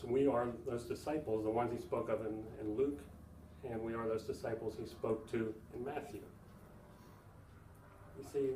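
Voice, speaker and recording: A man's voice: mid-range voice, darkish tone, distant mic. Earnest man preaching in an echoey room. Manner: earnest, plain teaching with repeated "you see". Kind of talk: sermon.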